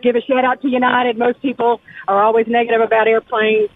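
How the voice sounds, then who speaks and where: A woman calling into a radio show, talking in a grateful, halting way. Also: fairly high pitch, little pitch movement, dry recording. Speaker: caller. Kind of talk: phone-in call. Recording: tinny phone line.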